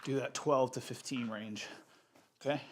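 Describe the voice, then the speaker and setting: A man with a stuffy nose leading a live home workout, giving relaxed, encouraging instructions while he exercises in his home gym. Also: medium pitch, normal speed, a little hiss or hum. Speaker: fitness instructor. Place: home gym in a converted bedroom.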